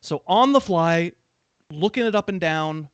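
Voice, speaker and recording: A man hosting a casual sports betting show, talking in a relaxed, self-deprecating, wry way. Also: fairly high pitch, a little slow, no room sound, dull audio. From California. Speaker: host.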